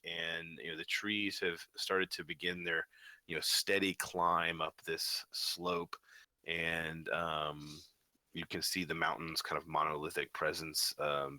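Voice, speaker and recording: A man's voice: sits low, pushed and bright, no room sound. A man running a tabletop game as game master, narrating the scene in a rambling way full of fillers like "um" and "you know".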